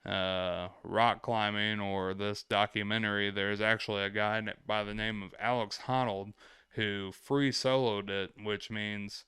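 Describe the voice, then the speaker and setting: Bright, clear-voiced man telling travel stories. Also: on the low side, level tone, measured pace, no echo, studio quality. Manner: laid-back, rambling, swears freely. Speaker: vlog host. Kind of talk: casual travel storytelling.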